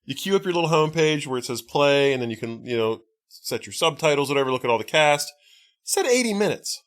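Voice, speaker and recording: A man's voice: a little high, big pitch swings, brisk, fairly bright tone. A man co-hosting a podcast, recapping a movie in casual chat with wry, profane asides and lots of fillers. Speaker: podcast co-host.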